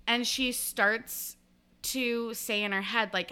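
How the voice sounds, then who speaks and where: A woman's voice: mid-range voice, steady tone, measured pace, pushed and bright. A young woman co-hosting a podcast, chatting casually through a book recap and acting out characters' lines with lots of "like". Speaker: podcast co-host.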